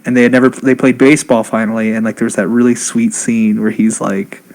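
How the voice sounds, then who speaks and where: A young man co-hosting a podcast in casual chat, excitable and gushing, rambling through explanations. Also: fairly low pitch, a little fast, a little hiss or hum. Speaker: podcast co-host.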